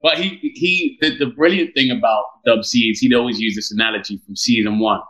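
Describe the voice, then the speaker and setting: A man from London, a podcast guest who tells lively stories and laughs often. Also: medium pitch, fairly quick, low-quality recording. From London, England. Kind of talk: casual interview chat.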